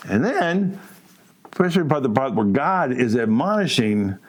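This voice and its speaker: A middle-aged man riffing as a podcast co-host, his voice sitting at an ordinary middle pitch. He talks in a loose, animated way, jumping between points. He throws provocative rhetorical questions at his listeners and keeps calling them folks. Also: moderate pace. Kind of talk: casual opinionated monologue.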